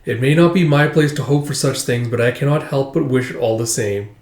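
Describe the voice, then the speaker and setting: A man reading the lines of a dignified, wistful mother in a slow, earnest voice close to his own. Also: mid-range voice, darkish tone, reverberant, close to an everyday voice.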